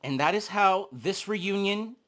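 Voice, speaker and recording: Sassy gossipy recap host, bright voice. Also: animated, a little slow. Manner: sassy, gossipy, swears a lot, acts out quotes; big swings in pitch and loudness when reacting. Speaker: reality show recap host. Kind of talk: casual commentary.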